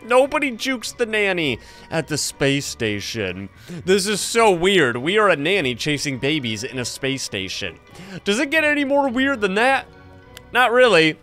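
A young man commenting on his game with a high, bright voice that swings all over the place. He talks excitedly, yelping and laughing at the jump scares, over faint game music. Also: measured pace. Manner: jumpy, yelps and laughs at scares. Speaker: gaming channel host.

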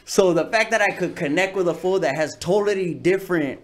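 High-pitched and fairly quick, this man's voice carries the Chicano English of California. As a comedian guest in a laid-back podcast interview, he tells slangy, streetwise stories, curses freely, and imitates different characters.

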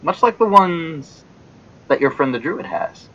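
A man's voice: unhurried, lo-fi sound. An Australian man running a tabletop game as dungeon master, narrating scenes vividly over an online call. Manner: vivid descriptive narration, lively pitch.

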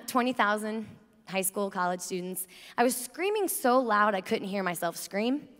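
A woman's voice: fairly high pitch, fairly bright tone, clean tone. Chatty young woman in a reverberant arena. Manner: chatty, storytelling, lots of "like" and "you know". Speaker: youth conference speaker. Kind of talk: energetic faith talk to a youth crowd. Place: large conference arena. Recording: long hall reverb from a large arena.

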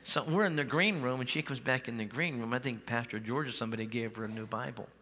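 A man pastor telling a healing story in a sermon, acting out the dialogue and calling on the crowd to shout. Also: medium pitch, fast. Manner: animated, acts out quoted dialogue, calls for shouts. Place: large church hall. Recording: live church hall with long reverb.

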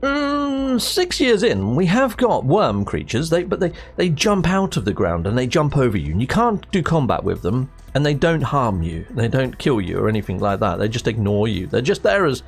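A man's voice: medium pitch, sing-song, moderate pace, gravelly, few pauses, husky, faint music behind. A man, a gaming YouTuber, chatting casually and rambling with many restarts. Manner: rambling, restarts mid-sentence. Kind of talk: casual chat.

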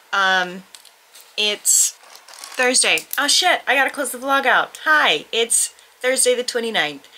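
A woman's voice: fairly high pitch, bright, forceful tone, a little hiss or hum, rough recording. A woman vlogging casually at home, out of breath, rambling with lots of hesitant fillers and restarts. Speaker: book vlogger. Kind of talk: casual vlog chat.

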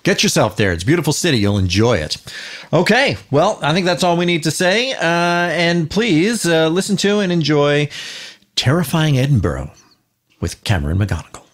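Lively, playful man co-hosting a podcast. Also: fairly high pitch, normal speed. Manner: playful, lively, mock-earnest. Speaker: podcast co-host. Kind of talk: comedic podcast banter.

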